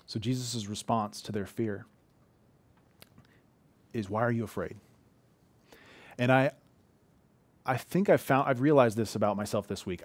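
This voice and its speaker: A man's voice: medium pitch, unhurried, pauses often. A man in his thirties preaching an earnest, conversational sermon from a living room, often restarting his sentences. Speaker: pastor.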